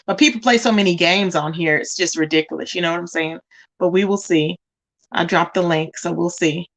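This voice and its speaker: Her voice on the low side, a woman runs a casual livestream at a brisk, steady clip. She speaks straight to her viewers, calling them "y'all" and "child."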